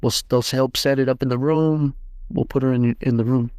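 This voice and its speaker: A man hosting a podcast, telling a personal testimony in casual, halting speech with many restarts and fillers. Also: mid-range voice, steady tone, darkish tone, smooth, no room sound, studio quality. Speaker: podcast host.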